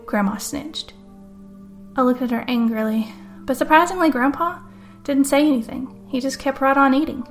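A woman reading a murder story aloud in dramatic first-person narration, with a fairly high voice. Soft music runs under her. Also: normal speed. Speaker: podcast host and author.

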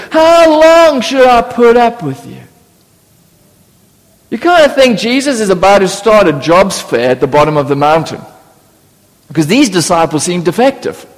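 A man preaching a sermon, acting out biblical voices with humorous asides. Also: high voice. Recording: long reverb of a church hall.

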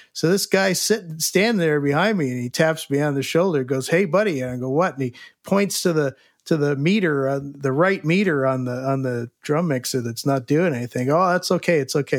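A man's voice: on the high side, no echo, clean studio sound. A man in his sixties, a podcast guest and sound engineer, telling a rambling story with chuckles and restarts. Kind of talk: casual anecdote telling.

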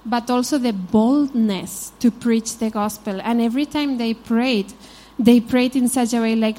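A woman's voice: a little high, steady tone, a little slow, mellow. A woman from Spain with a Spanish accent, teaching a conversational sermon in an informal, storytelling manner. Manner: informal, frequent "you know", storytelling asides. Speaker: Bible teacher.

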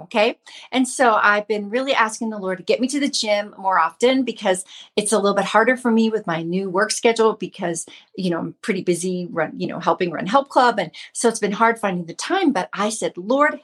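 A woman's voice: medium pitch, brisk, fairly bright tone. A woman in her fifties giving a casual devotional talk to her viewers, earnest and chatty, repeating herself often. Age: 50s. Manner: earnest, chatty, with frequent repetition. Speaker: host of a Christian mom channel.

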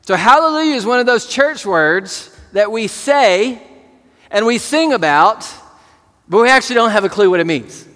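A man's voice: high-pitched, expressive, normal speed, pushed and bright, big-room sound. A man preaching a sermon as pastor, earnest and leading the congregation, with words he often repeats.

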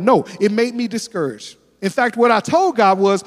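A male pastor preaching a sermon, telling animated stories and acting out the dialogue. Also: high-pitched, fairly quick, few pauses. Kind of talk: sermon with storytelling. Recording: long reverb of a large hall.

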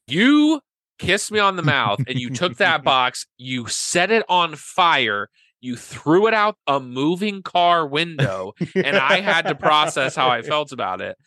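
Bright-voiced young man telling stories. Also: fairly high pitch, measured pace, dry recording. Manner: animated storytelling, acts out his own past words in whispers. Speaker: podcast guest. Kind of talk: casual chat.

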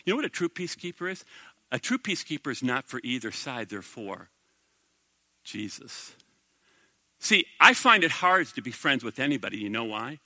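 A middle-aged male pastor preaching a sermon in a conversational, animated way, full of rhetorical questions to the congregation. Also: mid-range voice, moderate pace, no echo.

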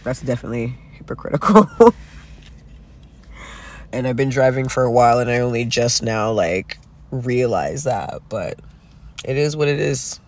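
A man from Canada telling a casual, profane story in an animated, self-mocking rant. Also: mid-range voice, moderate pace, pauses often. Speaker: vlogger. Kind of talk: casual ranting monologue.

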